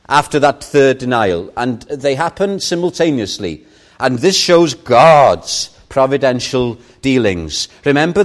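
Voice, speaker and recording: A man whose first language is Welsh, preaching a Sunday morning sermon as a slow, expressive storyteller who leans hard on key words. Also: medium pitch.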